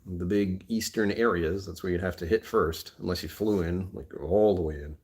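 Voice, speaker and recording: Male streamer, very low voice, rambling and self-mocking, phone mic. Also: normal speed, darkish tone. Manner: rambling, joking, laughs often. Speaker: livestream host. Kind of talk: casual livestream chat. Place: indoors on a rainy afternoon.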